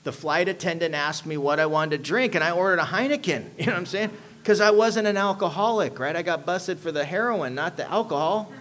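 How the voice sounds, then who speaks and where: A man's voice: high voice, brisk, hardly any pauses, a bit bright. A man giving a personal testimony talk to an audience. He tells his recovery story emphatically and keeps dropping "man" and "you know what I'm saying". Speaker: speaker sharing a recovery story.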